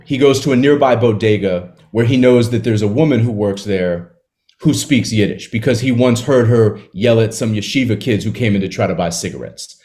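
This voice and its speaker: A man in an interview, talking casually about a book he wrote, retelling its scenes with quick asides. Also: mid-range voice, darkish tone. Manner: conversational, retells scenes with quick acted quotes and laughs. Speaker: author discussing his novel.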